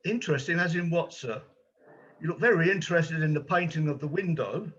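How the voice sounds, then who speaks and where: A man's voice: on the high side, a little fast, a bit bright, husky, lo-fi sound. A man playing an anxious, kind-hearted gallery guide. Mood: eager. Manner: hesitant and anxious, stumbles over words. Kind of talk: amateur stage drama.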